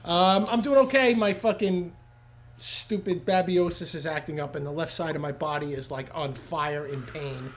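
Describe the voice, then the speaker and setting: A man co-hosting a casual podcast, low-key and swearing, with hesitant fillers. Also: normal speed, a little hiss or hum. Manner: low-key, mumbling, profane. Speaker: podcast co-host.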